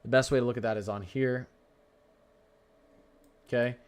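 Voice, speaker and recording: A man's voice: medium pitch, steady tone, normal speed. A young man hosting a live weather stream, talking through radar warnings in a chatty, rambling way and stumbling over place names.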